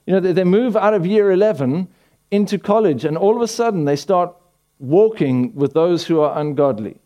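A man's voice: sits high, dark tone. A pastor preaching a conversational sermon to his church, with frequent restarts and rhetorical questions. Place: church hall.

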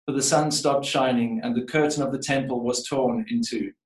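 Preacher in an echoey church, heard from afar. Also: male voice, mid-range voice, steady tone, normal speed. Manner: reflective, often restarts and repeats words while building a point. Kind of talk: scripture reading and sermon. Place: church sanctuary. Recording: echoey room, voice from a distance.

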